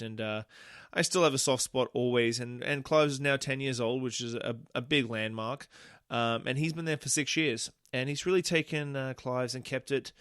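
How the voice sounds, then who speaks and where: A man hosting a casual podcast interview, talking loosely with plenty of fillers and restarts. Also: medium pitch. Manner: relaxed, rambling with many fillers. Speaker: podcast host. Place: bar or room, recorded on a phone. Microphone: phone recorder. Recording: echoey room.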